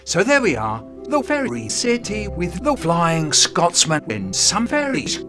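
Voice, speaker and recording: A man rambles through a comic homemade story in a deadpan voice. His pitch rises and falls a lot. Faint music plays underneath. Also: a little slow. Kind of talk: comic fan-made story narration.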